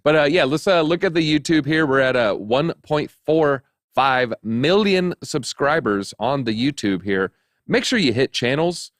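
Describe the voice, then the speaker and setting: A man's voice: a little high, animated, measured pace, no echo, clean studio sound. A man hosting a crypto news show, talking casually in a chatty, joking, rambling way with lots of fillers. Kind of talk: casual chat.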